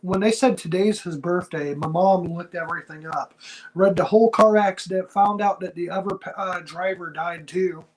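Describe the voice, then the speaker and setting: High pitched guy co-hosting a wrestling podcast, earnest and heartfelt, lots of slang. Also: normal speed, low-quality recording. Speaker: wrestling show co-host. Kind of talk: casual podcast chat.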